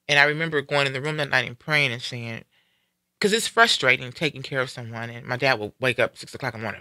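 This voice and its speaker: This live-stream host shares something personal, earnest and reflective, and livens up whenever he imitates what other people told him. He talks fast in a medium pitch, and the dry recording has studio quality.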